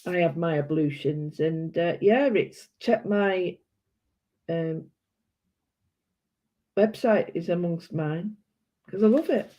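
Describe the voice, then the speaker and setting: A woman's voice: on the low side, takes it slowly, long pauses, mellow. A British woman chatting casually and rambling while she colours, often correcting herself. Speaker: art vlogger. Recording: dull lo-fi sound.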